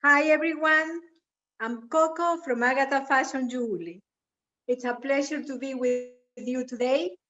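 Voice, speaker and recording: A woman's voice: sits high, fairly bright tone, lo-fi sound. A woman with a non-native English accent presenting her jewelry in careful, hesitant English. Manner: careful and hesitant, halting phrasing. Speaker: guest jewelry artist. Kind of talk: product presentation.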